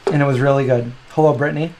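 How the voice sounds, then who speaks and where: A man's voice: medium pitch, fairly even intonation, rapid-fire, background noise. A man hosting a casual cooking show, chatting loosely and thinking aloud with frequent restarts. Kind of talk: casual chat.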